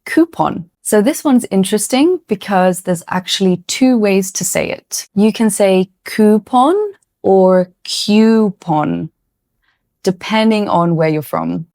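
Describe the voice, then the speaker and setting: Slow, clear-spoken woman teacher. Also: fairly low pitch, a little mellow, dry recording, clean studio sound. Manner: slow, clear and encouraging, stretching out target words. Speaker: English pronunciation teacher. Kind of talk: scripted pronunciation lesson.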